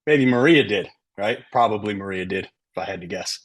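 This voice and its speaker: A man's voice: on the low side, expressive, a little fast, breathy edge. A middle-aged man coaching a sales team, talking emphatically and often checking in with "right?". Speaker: sales trainer. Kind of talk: sales training talk to a team.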